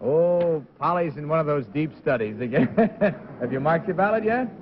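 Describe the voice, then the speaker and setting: A man's voice: a little high, expressive, moderate pace, highs cut off, slight background noise. A man hosting a live 1950s TV game show, jovial and chuckling, heard on an old broadcast with a studio audience.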